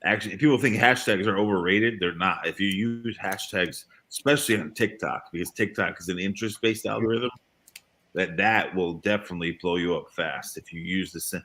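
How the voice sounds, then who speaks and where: A man talking casually on a live stream, animated and throwing in "dude" often. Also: sits low. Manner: animated, talks fast and says dude a lot.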